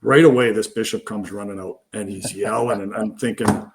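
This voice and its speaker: A middle-aged man, co-hosting a casual sports podcast and telling umpiring stories in an animated way, often restarting his sentences. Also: fairly low pitch, brisk, few pauses, background noise. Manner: animated storyteller, many restarts. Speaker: podcast co-host, baseball umpire. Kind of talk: casual storytelling chat.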